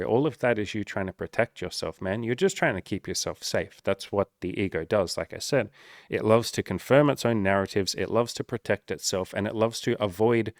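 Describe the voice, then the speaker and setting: Male life coach, lowish voice, dry close sound, frank and swearing. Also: no room sound. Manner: earnest, swears often, acts out quoted voices. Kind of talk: casual talking-to-camera advice.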